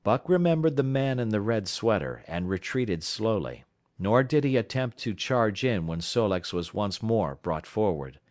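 A man from South Carolina reading a classic novel aloud as an audiobook narrator, in a measured, steady storytelling manner. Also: on the low side, no room sound, studio quality.

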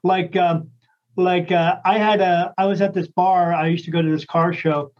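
A man who works as a psychic medium chats casually in a high-pitched voice with fairly even intonation and moderate pace, the high frequencies cut off. He tells a long, rambling story full of restarts and acted-out quotes.

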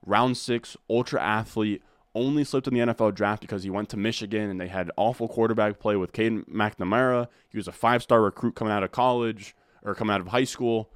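Low-voiced man giving fantasy football takes. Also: steady tone, brisk, clear, resonant tone, no room sound, clean studio sound. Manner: enthusiastic, repetitive emphasis. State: losing his voice, throat clearing. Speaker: fantasy football content creator. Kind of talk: casual video commentary.

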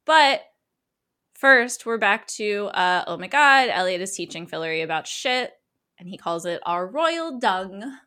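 A woman recapping a TV episode in casual podcast chat, animated and frank, swearing freely. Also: medium pitch, measured pace.

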